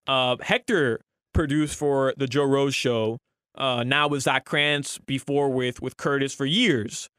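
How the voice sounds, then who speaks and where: A man's voice: mid-range voice, takes it slowly, fairly bright tone, clear, resonant tone, no echo. A man co-hosting and producing a sports radio show, rambling casually with many restarts and fillers on a studio mic.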